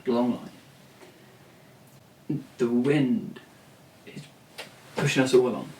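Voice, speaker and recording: A man's voice: medium pitch, steady tone, takes it slowly, a little mellow, slight background noise. A man rambling to camera about songwriting, blunt and swearing freely, with many restarts. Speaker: songwriter and vlogger. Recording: roomy, distant from the mic, faint ambience.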